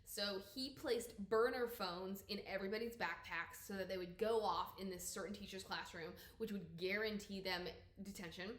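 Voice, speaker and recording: A young woman with a light Southern US accent talks through a book in a casual, opinionated way. Her pitch sits in an ordinary middle range but jumps up when she stresses a point. The room around her echoes noticeably. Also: moderate pace, few pauses. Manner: chatty and opinionated, with lively emphatic rises. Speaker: book reviewer. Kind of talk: casual spoken book review.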